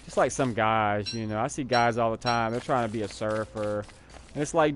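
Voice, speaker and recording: A man's voice: on the low side, normal speed, a little hiss or hum. A man live streaming who chats in a casual, rambling and digressive way, talking back to his viewers. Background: music.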